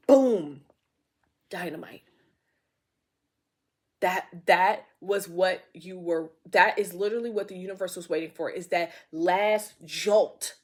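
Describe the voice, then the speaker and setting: Rambling, excitable woman tarot reader. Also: medium pitch. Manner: rambling, filler-heavy storytelling; excitable, loses words mid-sentence. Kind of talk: casual tarot reading.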